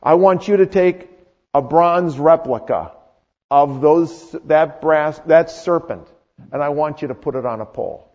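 A man voicing a calm, commanding God. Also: fairly high pitch. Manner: measured, instructive. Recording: echoey hall, dull lo-fi sound.

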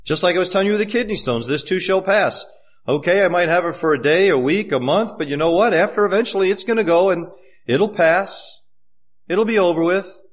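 Impassioned preacher, voice soaring and dropping. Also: male voice, high-pitched, fairly quick. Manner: impassioned preaching, swinging from loud to hushed. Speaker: pastor. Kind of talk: sermon.

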